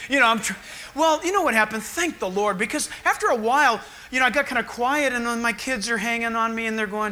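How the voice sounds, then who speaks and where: A man's voice: very high-pitched, fast, sharp tone. A man, a pastor preaching a sermon, telling stories with acted-out voices and laughter.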